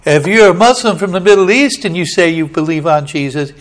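A man preaching a fiery sermon, swinging between hushed storytelling and loud, emphatic hollering with a repetitive preaching cadence. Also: a little high, fairly quick, poor audio.

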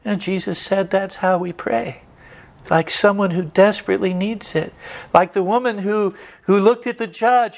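Earnest preacher with steady middle pitch. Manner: earnest, building repeated emphatic lists; occasional stumbling restarts. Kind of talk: sermon.

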